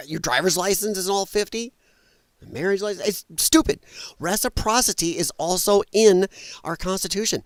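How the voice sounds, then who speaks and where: A man's voice: mid-range voice, no echo. A man hosting a livestream, ranting angrily and bluntly with some profanity while working at his computer. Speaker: livestream host. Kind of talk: heated political livestream rant.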